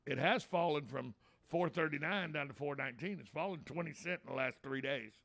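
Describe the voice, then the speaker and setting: Man, radio talk host, gravelly, slightly high voice, folksy and opinionated. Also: fairly quick, a bit bright.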